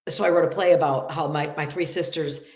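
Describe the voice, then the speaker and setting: A middle-aged actress with a nasal upstate New York accent, chatting in an interview and acting out little quotes. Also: female voice, deep voice, fairly even intonation, brisk, a little mellow, roomy sound. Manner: chatty, laughs often, acts out quotes. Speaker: actress guest. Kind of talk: casual interview chat.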